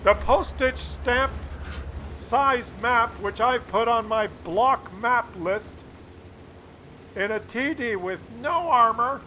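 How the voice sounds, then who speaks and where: A man commentating a tank game replay, animated and loud at big moments. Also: very high-pitched, slow, a little hiss or hum. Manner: animated, shouts and laughs at big shots. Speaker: gameplay commentator.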